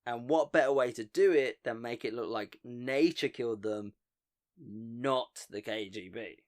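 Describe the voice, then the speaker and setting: A man's voice: medium pitch, measured pace, darkish tone. A man hosting a podcast, telling a story in a casual, joking way and often laughing at his own asides. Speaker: podcast host.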